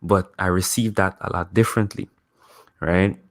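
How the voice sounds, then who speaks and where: A man speaking as a guest in a casual live-stream discussion, laying out his argument deliberately, point by point. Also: low voice, fairly even intonation, fairly bright tone.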